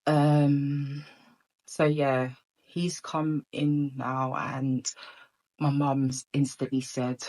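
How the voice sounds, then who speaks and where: A woman's voice: very deep voice, little pitch movement, drawn-out words, a little mellow, rough recording. A woman telling a personal story in a casual storytime monologue, rambling with many ums and restarts.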